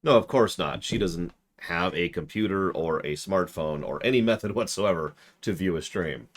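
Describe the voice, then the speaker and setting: A man's voice: sits low, moderate pace. A man streaming a video game in casual commentary, rambling, breaking off mid-sentence and answering chat.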